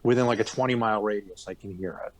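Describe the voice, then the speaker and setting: A man's voice: lowish voice, fast talker. A middle-aged American man being interviewed, talking in a rambling, self-correcting way with a plain General American accent. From northern New York suburbs, USA. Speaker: guest actor. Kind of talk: casual interview chat.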